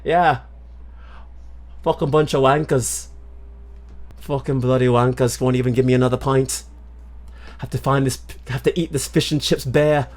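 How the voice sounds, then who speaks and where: A man's voice: mid-range voice, steady tone, moderate pace, long pauses, darkish tone, natural voice. A man doing a crude drunken British bloke. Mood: grumbling, loud. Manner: exaggerated mock-British, swearing.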